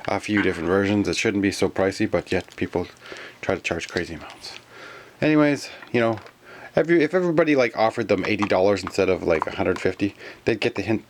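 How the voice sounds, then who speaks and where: A man from Canada chatting casually in a toy collector vlog, rambling and grumbling, sometimes whispering names in a drawn-out way. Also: low voice, background noise. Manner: rambling and complaining, with stretched-out whispered echoes of names. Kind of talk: casual toy review chat.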